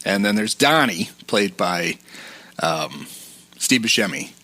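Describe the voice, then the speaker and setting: A man's voice: fairly low pitch, expressive, slow, sharp tone. Man recapping a film on a podcast. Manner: recaps the plot and acts out quotes. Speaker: podcast co-host. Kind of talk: casual film-discussion podcast.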